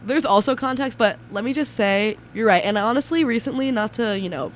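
A woman's voice: fairly high pitch, brisk, a little hiss or hum. A young woman co-hosting a casual radio show, giggly and self-deprecating, with a stuffy nose from a cold. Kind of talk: casual chat.

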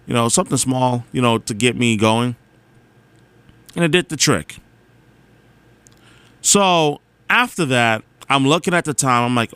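A young man telling a long everyday story in a casual, animated way, exasperated and self-mocking, with lots of "like" and "you know.". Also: medium pitch, unhurried, long pauses, smooth, dry recording.

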